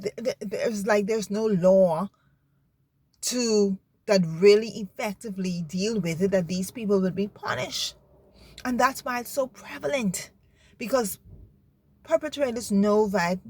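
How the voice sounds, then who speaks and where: A woman's voice: medium pitch, darkish tone, breathy edge. A woman from the Bahamas, speaking earnestly about faith and anger, repeating herself and checking in with her listeners. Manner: earnest, repeats herself, asks "you understand?". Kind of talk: impassioned spoken reflection.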